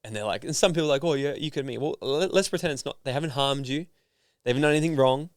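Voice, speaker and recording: Animated storytelling man, dry close sound. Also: medium pitch, quick pace, no room sound. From Australia. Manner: animated, acts out voices in his stories. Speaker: guest, personal development founder. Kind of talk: casual storytelling in an interview.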